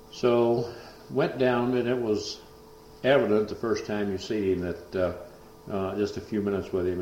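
Low-voiced folksy preacher. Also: male voice, dark tone, slight background noise. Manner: folksy, rambling, lots of uh fillers. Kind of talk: storytelling testimony. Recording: echoey dull lo-fi recording.

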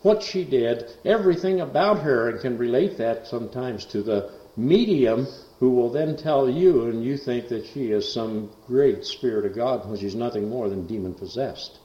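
A man preaching in a folksy, rambling way, full of fillers and asides, who rises to loud, emphatic bursts on scripture. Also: medium pitch, expressive, moderate pace, hardly any pauses. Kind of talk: folksy sermon storytelling. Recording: roomy, dull lo-fi recording.

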